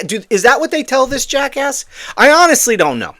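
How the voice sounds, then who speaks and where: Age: unknown. Sex: man. Role: commentary host. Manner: heated, profane, very animated, high voice. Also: moderate pace. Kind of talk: ranting political commentary.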